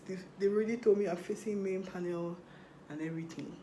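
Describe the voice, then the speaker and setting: A woman's voice: lowish voice, a little fast, a little hiss or hum. Chatty young woman in an echoey room. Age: young adult. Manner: chatty, animated retelling with acted quotes. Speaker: vlogger. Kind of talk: storytime vlog while doing makeup.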